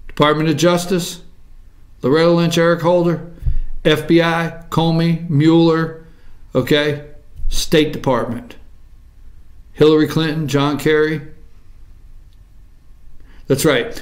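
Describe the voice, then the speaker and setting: A high-voiced man hosts a political commentary show. He is combative and repetitive, and often slows down to stretch words out in mockery. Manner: combative, repetitive, drawn-out mocking emphasis. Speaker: talk show host.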